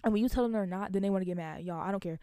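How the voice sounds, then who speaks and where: A young woman, a college student, venting to her viewers in casual storytime chat, animated and laughing between lines. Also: medium pitch, very fast, clear, resonant tone, no echo, clean studio sound. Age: young adult.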